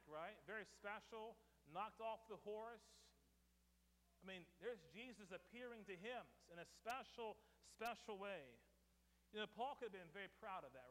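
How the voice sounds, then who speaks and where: Man, preacher, high voice, emphatic sermon delivery, long reverb. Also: a bit bright. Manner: emphatic, building repetition with dramatic pauses.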